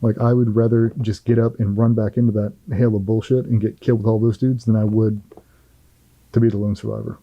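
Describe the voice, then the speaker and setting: A man's voice: on the low side, flat delivery, fairly quick, no room sound, lo-fi sound. A middle-aged man, a former Navy SEAL, telling a firsthand war story in an interview in a blunt, profane, vivid way.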